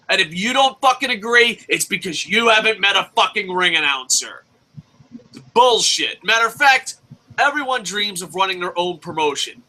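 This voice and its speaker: A young man hosting a wrestling review, ranting casually with lots of swearing and bursts of shouting. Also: high-pitched, lively intonation, moderate pace, poor audio. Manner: profane, ranting, shouts at times.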